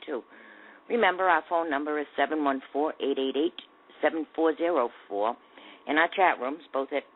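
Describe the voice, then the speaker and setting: A woman hosting a talk radio show, giving indignant, sarcastic commentary. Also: very deep voice. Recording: tinny phone-like audio.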